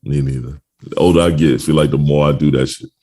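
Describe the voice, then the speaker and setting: A man's voice: extremely low pitch, fairly even intonation, fast, mellow. A middle-aged man hosting a podcast, talking in a laid-back, casual way with lots of slang and laughter. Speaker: podcast host.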